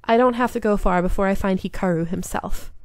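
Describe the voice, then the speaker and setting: A woman reading a story game aloud in an earnest, invested way. Her mid-range voice has a gravelly fry to it. The sound is dry and close. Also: mid-range voice, brisk, no room sound. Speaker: game streamer.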